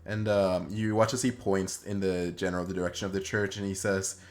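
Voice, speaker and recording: A man's voice: low-pitched, level tone, fairly quick. A man narrating as game master of a tabletop game, rambling with many fillers and restarts.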